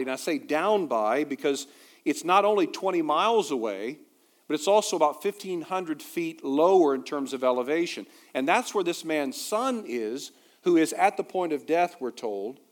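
A man preaching a sermon as a pastor, conversational and quick to toss in humorous asides. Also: a little high.

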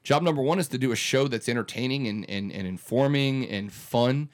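A man's voice: mid-range voice, brisk. A man in his thirties who hosts a radio morning show, speaking in an earnest, emphatic way with frequent restarts during a conversational interview.

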